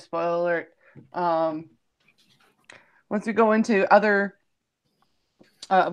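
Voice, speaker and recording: A woman's voice: medium pitch, clear, resonant tone. A woman in a casual fan discussion of a TV episode, eager, laughing easily and jumping in to add her view. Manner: eager, quick to laugh and interject.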